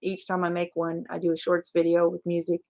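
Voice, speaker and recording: A woman's voice: lowish voice, completely flat delivery, brisk, warm tone. A woman rambling chattily to viewers of her livestream, full of fillers. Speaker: crafting livestream host. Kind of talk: casual livestream chat.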